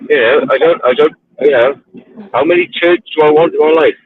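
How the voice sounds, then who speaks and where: A man's voice: a little high, brisk, breathy edge, no echo. A man, ranting in casual chat while driving his car, swearing freely. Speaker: livestream host. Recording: tinny phone line.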